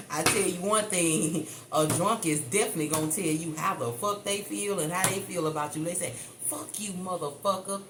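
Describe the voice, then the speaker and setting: A woman's voice: on the low side, moderate pace. A woman giving a chatty, blunt tarot reading, swearing freely and calling her listeners baby and honey. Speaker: tarot reader. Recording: echoey room with faint ambient noise.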